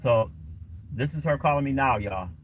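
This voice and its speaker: A man's voice: mid-range voice, normal speed, a little hiss or hum, low-quality recording. A man hosting a casual livestream, talking in a rambling way with lots of fillers. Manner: rambling, many fillers and restarts. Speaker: livestream host.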